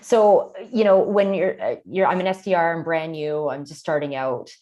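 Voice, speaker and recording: A woman's voice: deep voice, moderate pace, dark tone, highs cut off. A woman hosting a casual interview, chatty and affirming. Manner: chatty, affirming with frequent yeahs. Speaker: podcast host.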